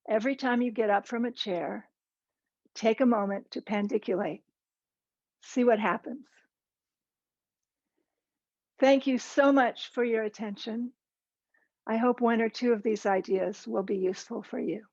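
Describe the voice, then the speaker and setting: A woman teaching posture and balance, giving calm, encouraging step-by-step movement cues. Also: on the high side, echoey room, muffled recording. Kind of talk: guided movement instruction.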